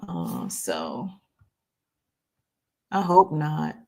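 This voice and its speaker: A woman's voice: deep voice, very animated, drawn-out words, warm tone. A woman chatting casually on a livestream, rambling and reading viewer comments aloud. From North Carolina. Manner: rambling, chatty, many "um"s and restarts. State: struggles to read, reads slowly. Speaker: livestream host.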